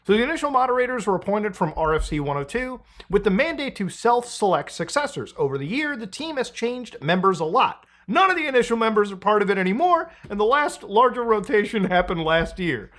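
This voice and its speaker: Lively, laughing male commentary host. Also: high voice. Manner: excitable, laughs often and swears freely. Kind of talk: casual commentary.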